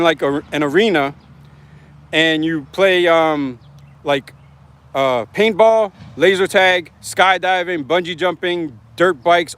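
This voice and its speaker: A man's voice: a little high, a bit bright. Rambling slangy man on a livestream. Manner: rambling, loose and slangy, reads out viewer comments. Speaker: livestream host. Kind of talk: casual live-stream chat to viewers.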